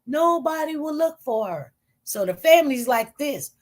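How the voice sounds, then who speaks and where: A woman's voice: high voice, normal speed. A woman giving casual, emphatic commentary on news stories, repeating herself and talking informally. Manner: emphatic, repetitive, animated.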